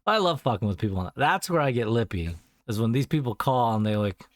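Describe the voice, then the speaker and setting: A man's voice: medium pitch, animated, brisk, dry recording, clean studio sound. A man co-hosting a casual podcast, telling rambling stories and acting out phone callers in a raised voice. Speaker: podcast co-host. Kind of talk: casual chat.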